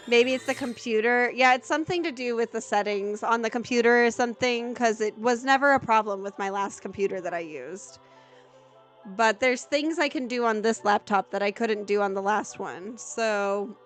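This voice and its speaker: A woman streamer chatting casually while she plays a game. She bursts into excited squeals, then drops to a flat, deadpan voice. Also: unhurried, soft background music. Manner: excitable, jumps into high-pitched exclamations, then goes flat and deadpan. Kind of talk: casual live gameplay commentary.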